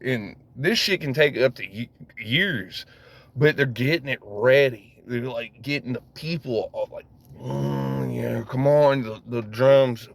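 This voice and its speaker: A man's voice: mid-range voice, a little slow, fairly bright tone. A man ranting casually to camera, rambling, swearing heavily and laughing at himself as he goes. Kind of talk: casual profane rant.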